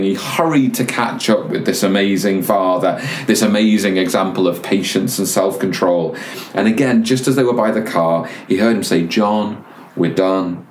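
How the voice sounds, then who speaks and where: A man preaching a sermon as pastor, earnest and measured, telling stories with careful pauses. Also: on the low side, a little mellow, roomy sound, a little hiss or hum.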